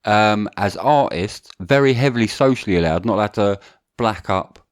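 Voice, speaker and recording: A man's voice: on the low side, expressive, normal speed. A man co-hosting a podcast, chatting casually and animatedly, slangy and prone to restarts. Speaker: podcast co-host.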